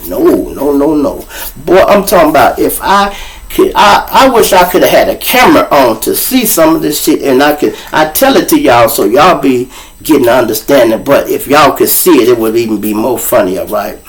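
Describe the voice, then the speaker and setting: Animated Chicago man telling stories. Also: mid-range voice, normal speed, low-quality recording. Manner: profane, animated, acts out voices. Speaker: show host. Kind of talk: comic storytelling.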